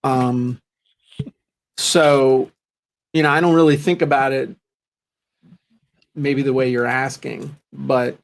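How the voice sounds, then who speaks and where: A man's voice: medium pitch, steady tone, slow pace, creaky, long pauses. A man co-hosting a podcast, talking in a chatty, joking, self-deprecating way. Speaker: podcast co-host. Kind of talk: casual chat.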